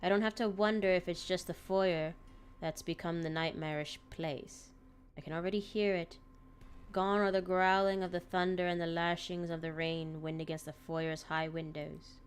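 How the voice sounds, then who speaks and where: A woman's voice: lowish voice, level tone, normal speed, a little hiss or hum. A woman streamer reading a visual novel aloud dramatically, breaking off with laughing asides.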